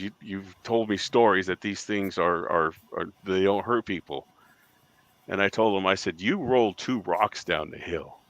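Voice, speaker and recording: A man's voice: fairly low pitch, pushed and bright, dry recording, muffled recording. A man from the United States, a guest in an interview, telling a long story and acting out the voices of people in it. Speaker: guest, Bigfoot witness.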